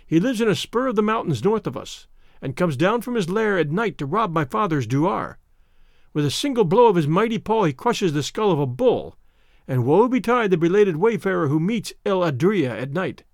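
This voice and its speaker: An eager young captive woman from an old adventure storybook, as a man reads her lines. She talks breathlessly and pleadingly, her voice climbing high and swinging widely. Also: animated, normal speed, creaky, no room sound, clean studio sound.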